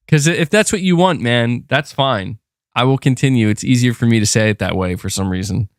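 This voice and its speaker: A man hosts a casual livestream, reading chat aloud and rambling to his viewers with frequent fillers and restarts. He speaks at a moderate pace in a mid-range voice, and the recording is dry and studio quality.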